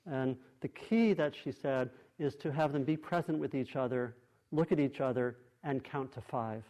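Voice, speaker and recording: A man with a mellow, mid-range voice gives a dharma talk in a meditation hall as he teaches a group meditation. He's thoughtful and unhurried, often pausing and beginning again.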